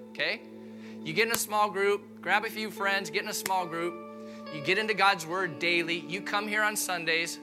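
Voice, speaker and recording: A man preaching a sermon in a church, urging his congregation on with fervent, repetitive exhortation that swells to loud preaching. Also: high-pitched. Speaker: pastor. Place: church sanctuary.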